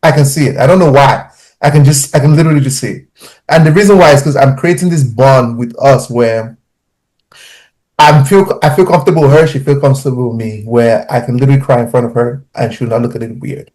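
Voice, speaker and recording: A man, a father on a podcast panel, telling personal stories in an animated, heartfelt way. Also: mid-range voice, brisk, low-quality recording. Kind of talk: casual podcast discussion.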